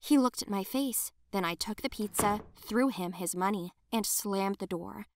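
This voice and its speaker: A woman narrating a first-person animated story in an emotional, dramatic way. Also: mid-range voice, normal speed, slight background noise.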